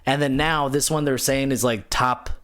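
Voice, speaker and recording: A man co-hosting a gaming podcast, telling a story in casual chat, animated and profane, with loud exasperated outbursts. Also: mid-range voice, moderate pace, clear, resonant tone. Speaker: podcast co-host.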